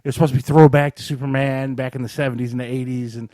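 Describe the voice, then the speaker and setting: Racing through a movie's plot, a male podcast co-host tells it animatedly and casually, imitating characters with exaggerated voices. His pitch is medium; the sound is dry and studio-quality, in a relaxed movie review chat.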